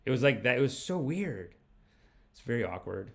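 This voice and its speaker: A man, a comedian hosting a podcast, telling rambling, animated stories. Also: mid-range voice, moderate pace, creaky. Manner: animated, rambling, laughs mid-story. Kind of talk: casual storytelling.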